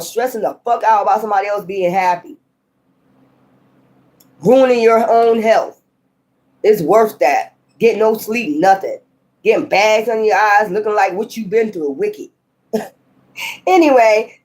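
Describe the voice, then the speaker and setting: A woman's voice: medium pitch, animated, unhurried, a little mellow. A woman giving a casual tarot reading, talking in a blunt, profane, scolding way and laughing often. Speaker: tarot reader.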